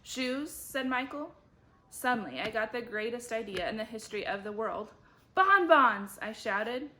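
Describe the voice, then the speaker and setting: A woman reading a children's chapter book aloud, lively, with big jumps in her voice as she voices the children and teachers. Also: fairly high pitch, normal speed. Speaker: book club reader.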